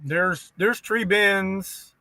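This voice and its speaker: A man from western Kentucky, a paranormal investigator, speaking in a measured, skeptical way with hesitant ums. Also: sits high, pushed and bright. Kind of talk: remote interview answers.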